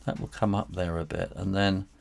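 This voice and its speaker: A man's voice: sits low, level tone, normal speed, creaky. A middle-aged man, an author and illustrator, talking through a live drawing lesson in a hesitant, rambling way with little chuckles. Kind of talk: live drawing tutorial, thinking aloud.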